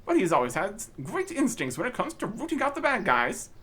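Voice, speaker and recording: A man's voice: sits high, wildly swooping pitch, brisk, sharp tone, husky, exaggerated voice. A man voicing a pompous old knight commander in a game, talking in a posh, blustery way. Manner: posh, blustery, tacks on "what?".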